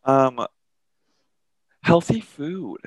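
A man co-hosting a podcast, telling a story in a casual, profane, animated way and acting out what others said. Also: fairly high pitch, very slow, no room sound, low-quality recording. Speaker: podcast co-host.

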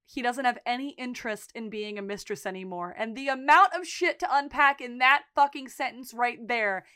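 A woman with a slightly high voice recaps a TV episode for her podcast co-hosts, talking emphatically and swearing freely. Her voice sits close on a dry mic with no room sound. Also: normal speed, sharp tone, smooth, no room sound. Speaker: podcast co-host.

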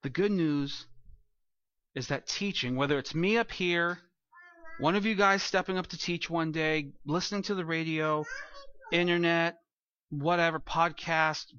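A male pastor preaching a sermon at the front of a church, animated and conversational, slipping into quoted voices to make his points. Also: a little high, unhurried, clear, resonant tone, dry recording. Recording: dull lo-fi recording.

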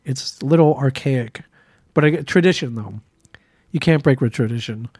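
A man's voice: mid-range voice, moderate pace, darkish tone, husky, dry recording, studio quality. A man co-hosting a podcast, joking around and stammering over repeated words. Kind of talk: casual chat.

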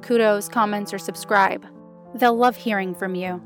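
A woman podcast host reading fan fiction aloud in a soft, intimate storytelling voice. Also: medium pitch, fairly even intonation, moderate pace, soft background music. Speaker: podcast narrator.

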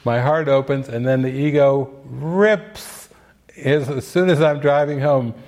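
A man's voice: mid-range voice, a little slow, a little mellow. Older man, spiritual teacher, casual storytelling talk, mid-range voice, acts out the voices he quotes. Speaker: spiritual teacher giving movie commentary.

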